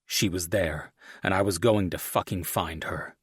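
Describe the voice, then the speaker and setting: Brief: low-voiced male audiobook narrator, gritty and intense, dry mic. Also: a little slow, a bit bright, slightly rough, no room sound. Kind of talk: scripted first-person romance narration.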